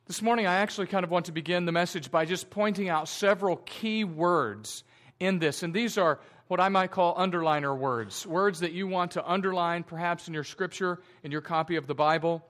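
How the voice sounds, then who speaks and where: Male pastor, slightly high voice, slow earnest sermon reading. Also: fairly even intonation, fairly bright tone. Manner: slow, deliberate reading that stretches key words; earnest, explanatory preaching.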